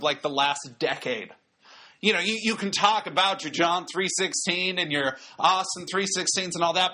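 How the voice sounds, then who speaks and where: Man, casual wrestling review, wry and chatty, bright tone, slightly husky. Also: fairly high pitch, normal speed. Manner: chatty, wry, many fillers. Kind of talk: casual podcast commentary.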